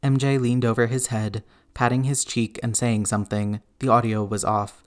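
A man narrating fiction in a measured, even audiobook reading. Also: mid-range voice, clean tone. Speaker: reader.

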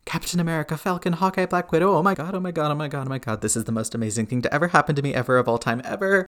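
A man voicing an anxious, excitable teenage boy who rambles shakily. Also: mid-range voice, natural voice. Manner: shaky, rushed, rambling.

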